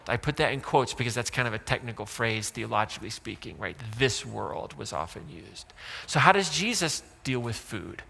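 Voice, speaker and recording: A man's voice: medium pitch, creaky, sharp tone. A man preaching a sermon in a church, conversational and joking, full of asides. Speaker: pastor. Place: church auditorium. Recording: long church reverb.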